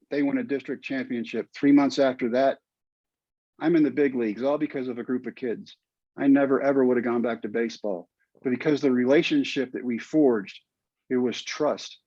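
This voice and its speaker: A man's voice: mid-range voice, fairly even intonation, normal speed, a little mellow, no room sound. An older man with a Texan accent, a podcast guest telling a heartfelt story in an earnest, emotional way. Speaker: guest, former pitcher and teacher. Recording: dull, lo-fi, dry sound.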